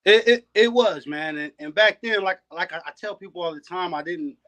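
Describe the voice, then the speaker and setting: A man, a guest on a podcast and a dog breeder, telling stories in a relaxed, casual way. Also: high-pitched, moderate pace. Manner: laid-back, peppers talk with "man". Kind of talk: casual storytelling chat.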